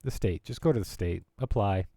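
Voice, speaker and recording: Male streamer, gravelly voice, dry close sound, loose and jokey banter. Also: lowish voice, a little fast, warm tone, no room sound. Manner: rambling and jokey, riffing on words. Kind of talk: casual live-stream chat.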